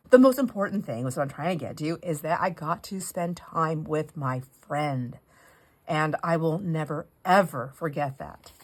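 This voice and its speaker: Excitable middle-aged woman vlogger, casual rambling chat, squeaky gushing peaks. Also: low-quality recording. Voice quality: goes squeaky when excited. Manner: gushing, rambling with self-corrections. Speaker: craft vlogger. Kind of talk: casual chat while opening mail.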